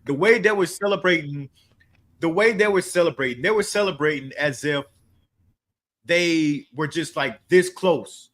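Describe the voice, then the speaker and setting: A man's voice: a little high, normal speed, fairly bright tone. A man hosting a sports podcast in casual, profane chat, often acting out what other people say.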